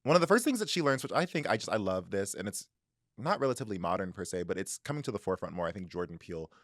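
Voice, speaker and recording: A man with a fairly low voice co-hosts a casual book podcast, walking through a plot with animated storytelling. His voice sounds close and dry, with no room around it. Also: rapid-fire, no room sound. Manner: animated storytelling, acting out characters' lines. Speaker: podcast co-host.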